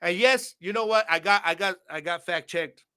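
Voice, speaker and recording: A man's voice: high-pitched, moderate pace, pushed and bright, clear, resonant tone. A man hosting a football podcast alone, talking casually and laid-back, full of slang and fillers like "man" and "you know". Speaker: podcast host. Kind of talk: casual solo podcast talk.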